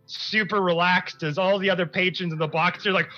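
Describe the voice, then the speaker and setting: A man narrating a tabletop game as game master, in animated, rambling descriptions. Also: high-pitched, brisk. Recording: muffled stream audio with music.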